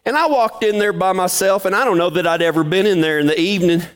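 A man's voice: sits high, fast talker, clear, resonant tone. A man preaching a sermon, telling a folksy story and acting out the dialogue. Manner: folksy, drawling anecdotes with acted-out dialogue. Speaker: pastor.

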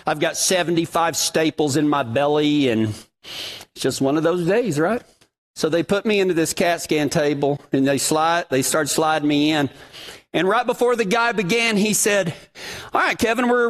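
A man's voice: on the high side, expressive, normal speed. A man preaching a sermon, telling his own story in a folksy, dramatic way.

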